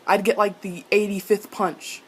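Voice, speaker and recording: A young woman recapping a TV episode in a casual, animated and sweary way, acting out characters in mock voices. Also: medium pitch, normal speed, husky. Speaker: TV recap vlogger.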